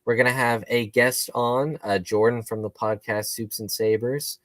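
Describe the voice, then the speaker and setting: A man's voice: mid-range voice, steady tone, normal speed, fairly bright tone, no echo. A man co-hosting a casual podcast, chatty and rambling with fillers. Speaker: podcast co-host. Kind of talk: casual chat.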